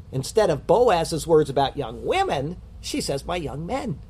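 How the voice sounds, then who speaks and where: A man's voice: a little high, darkish tone, husky. A man preaching a sermon in an earnest, questioning teaching manner, with scripture readings. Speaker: pastor.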